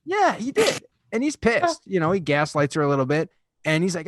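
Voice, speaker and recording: A man's voice: sits high, moderate pace, dry recording, clean studio sound. A man co-hosting a podcast, retelling a film scene by scene and acting out the characters' lines in casual chat. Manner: animated storyteller, acts out characters' lines. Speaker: podcast co-host.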